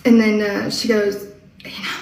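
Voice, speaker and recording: A woman casually telling a story from daily life, chatty and animated, often breaking into laughter. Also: medium pitch, unhurried, creaky, slight background noise. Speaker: storyteller in an online clip. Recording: echoey room, mic at a distance.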